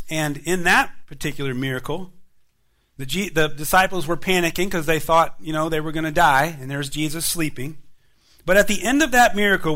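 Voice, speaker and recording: A male pastor preaching a sermon, retelling miracle stories with lively emphasis and rhetorical questions to his listeners. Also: on the high side. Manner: animated storytelling preacher, rhetorical questions to the congregation.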